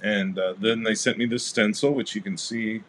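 A man's voice: fairly low pitch, moderate pace, slight background noise. A man hosting a casual crafting livestream, chatting with viewers and greeting them by name as he shows his cards. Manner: relaxed, rambling with fillers.

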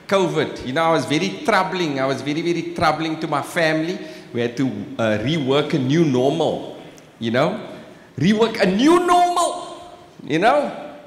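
South african guy in his 40s doing stand-up, bouncy animated delivery, big echoey hall. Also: a little high. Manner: lively, teasing the crowd. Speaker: stand-up comedian. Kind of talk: live stand-up comedy. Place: large exhibition hall stage. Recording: echoey hall with room ambience.

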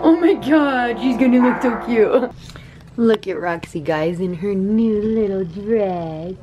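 A woman's voice: medium pitch, animated, takes it slowly, mellow, muffled recording, a little hiss or hum. A woman vlogging casually with a gushing, giggly enthusiasm, first at home and then from her car. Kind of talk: casual vlog chat.

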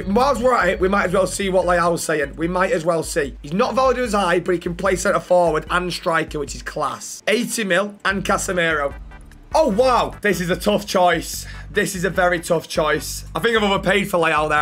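A man giving chatty, excitable gaming commentary, bantering with the characters in the game. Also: high-pitched. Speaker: gaming YouTuber.

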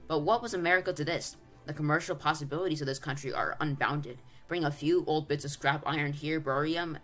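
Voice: medium pitch, fairly bright tone, close to an everyday voice. A reader voicing a blustering greedy old uncle. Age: 60s. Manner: blustering, gloating, self-important. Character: excitable greedy old English uncle, male.

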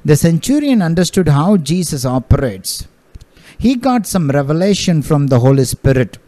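A man's voice: on the high side, sing-song, normal speed, dark tone, dry recording. A man preaching a sermon, emphatic, repeating key phrases and calling out hallelujah.

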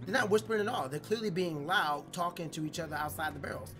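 A man hosting a let's play, chatting casually about the game, reacting loudly and reading its text aloud. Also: fairly high pitch, fast, few pauses, soft background music. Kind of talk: casual gameplay commentary.

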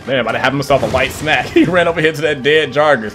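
Excitable gamer man, animated voice. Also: a little high, fairly quick. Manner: excitable, swearing, laughing often. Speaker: gaming YouTuber. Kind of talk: live gameplay commentary. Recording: faint game music behind.

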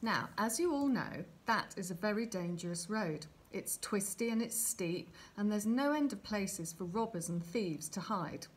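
A woman reading a Bible story aloud for children in an expressive, animated storytelling manner. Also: medium pitch, measured pace, few pauses.

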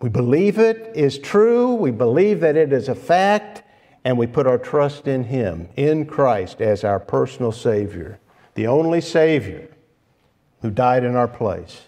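A male preacher delivers an expository sermon in a church at a notably slow, deliberate pace. His voice sits at an ordinary middle pitch, and he works through his points patiently, pausing and sometimes restarting a phrase. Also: expressive, dark tone. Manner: measured, unhurried expository preaching with pauses and restarts.

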